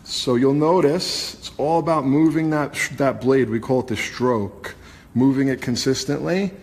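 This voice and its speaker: In an echoey salon studio with long reverb and faint ambience, a man hosting a live haircut demo walks through each step in a chatty way as he cuts. His voice is mid-range and darkish, and he takes his time.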